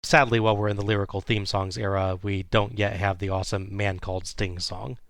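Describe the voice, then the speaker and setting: Guy with a lowish voice doing a casual wrestling recap, dry close sound. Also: little pitch movement, a little fast, a bit bright, no room sound. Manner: play-by-play recap with chuckles. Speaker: podcast host recapping wrestling.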